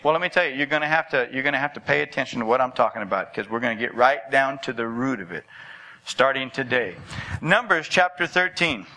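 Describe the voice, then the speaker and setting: A man preaching a sermon as pastor of his church, speaking with repetition and building to an emphatic pitch. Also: a little fast, pushed and bright, poor audio. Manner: preaching with rising intensity and repetition.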